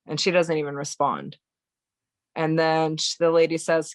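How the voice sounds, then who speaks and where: Young American woman, guest on a podcast, flat monotone delivery, hesitant and full of restarts. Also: low-pitched, dry recording. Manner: halting, many fillers and restarts. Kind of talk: emotional personal recollection.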